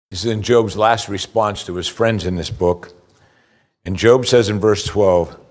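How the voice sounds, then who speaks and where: Earnest man preaching a sermon. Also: a little mellow. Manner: earnest preaching with rhetorical questions; rises in pitch for emphasis, slows for key points. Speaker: pastor.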